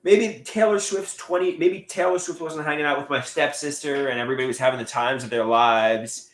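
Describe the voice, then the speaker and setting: A man rambles in a live stream monologue from home, stammering, repeating his words and muttering to himself. His voice is a little high and a little fast with few pauses, and the room is echoey.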